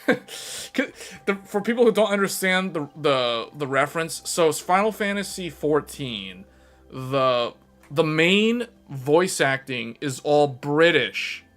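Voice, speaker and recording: Streamer guy rambling at his chat, kinda high voice, lil music playing low behind. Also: unhurried. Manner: rambling, animated, laughs often. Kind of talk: casual chat with viewers.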